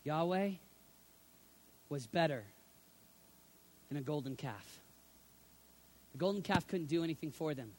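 A middle-aged man preaching a sermon, swinging from hushed, low passages to loud, shouted appeals. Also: lively intonation, unhurried, pauses often.

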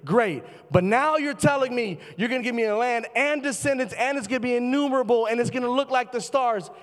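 Fervent high-voiced male pastor preaching. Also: brisk. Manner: fervent preaching, swinging from loud highs to low murmurs. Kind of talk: sermon. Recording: long reverb of a large hall.

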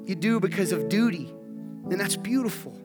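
A man delivers a sermon to his congregation in a fairly high voice, earnest and conversational, pushing harder as he goes. Guitar music plays clearly underneath him as he preaches. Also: lively intonation, moderate pace. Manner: conversational, earnest, rising to emphatic. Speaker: pastor. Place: church sanctuary.

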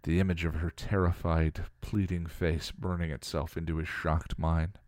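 A man co-hosting a podcast and reading fan fiction aloud with a dramatic, expressive delivery. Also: low-pitched, moderate pace, dry recording, clean studio sound. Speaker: podcast co-host.

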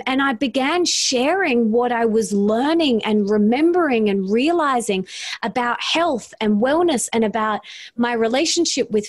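A woman, a podcast guest and author, tells a personal story in casual conversation, acting out her own past lines of dialogue. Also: on the high side.

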